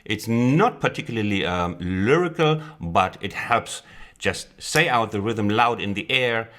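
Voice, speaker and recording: A man teaching a piano lesson in a playful way, counting rhythms out loud and joking. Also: fairly low pitch, expressive, a little slow. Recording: loud piano playing under the voice.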